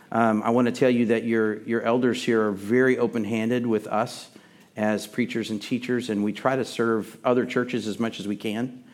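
Man, from Texas, worship pastor, mid-pitched, chatty church talk, casual restarts, congregation setting. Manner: friendly, loose and chatty, with frequent restarts. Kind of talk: conversational church address. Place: church service before a congregation. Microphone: sound system microphone.

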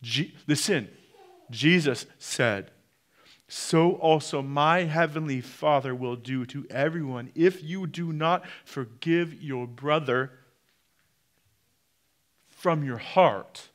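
A man preaching a sermon, swinging between loud peaks and quiet drops, and putting direct questions to the congregation. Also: a little high, slow. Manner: preaching with sharp rises and drops in loudness. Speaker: pastor.

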